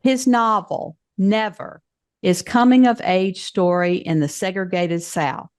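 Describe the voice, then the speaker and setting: A woman in her seventies hosting an author interview show, reading a measured scripted introduction and asking questions. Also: mid-range voice, fairly even intonation, a little mellow. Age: 70s. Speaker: podcast host.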